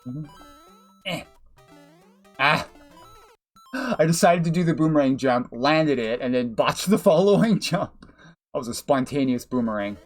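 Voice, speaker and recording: A man's voice: mid-range voice, lively intonation, unhurried, long pauses, soft background music. Chatty, laughing male game streamer. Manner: chatty, swears, laughs often, thanks viewers. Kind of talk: live gameplay commentary.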